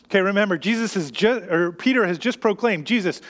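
A man's voice: high voice, lively intonation, a little fast, a bit bright, long reverb tail. A man preaching a sermon, explaining scripture in a conversational teaching manner with frequent restarts. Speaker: pastor.

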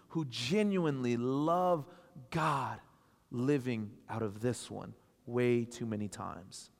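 Preaching man in a reverberant church. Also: medium pitch. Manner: animated preaching that rises loud and drops to soft storytelling. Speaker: pastor. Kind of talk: sermon. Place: church sanctuary. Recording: long hall reverb.

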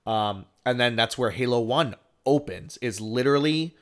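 A man's voice: mid-range voice, normal speed. A man co-hosting a podcast, talking in a casual chat style, rambling with lots of fillers and restarts. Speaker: podcast co-host.

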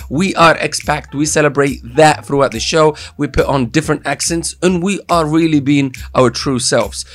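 A man hosting a daily podcast from a studio, talking in an energetic, playful, hype-style way. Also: a little high. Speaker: podcast host. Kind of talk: casual podcast chat. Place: studio with cameras.

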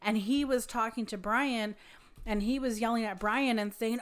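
A woman's voice: fairly high pitch, normal speed. Blunt, swearing woman podcast host. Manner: blunt, heavy swearing, animated retelling with quoted voices. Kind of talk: casual chat.

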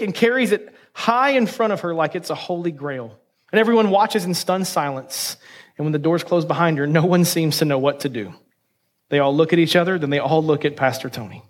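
A man preaching a sermon, reading a story aloud with lively character voices and then leading the congregation in prayer. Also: a little high, fairly quick. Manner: reads quoted characters with small voice shifts, then prays. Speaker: pastor.

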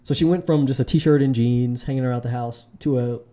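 A man's voice: fairly even intonation, fairly quick, mellow. A man casually telling a dating story to camera, rambling with fillers and restarts. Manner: rambling, full of fillers and restarts, mimics women in a high voice. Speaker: vlogger giving dating advice.

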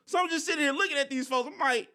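A young man with a very high, bright, forceful voice talks rapid-fire as a podcast host. In casual conversation he tells personal stories candidly, using slang and swearing frequently.

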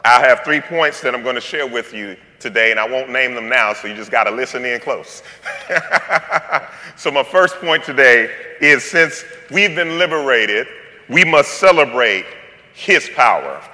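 A man's voice: mid-range voice, expressive, moderate pace, sharp tone, in a large hall. A male pastor preaching a sermon in a playful, conversational way, with slang and joking asides.

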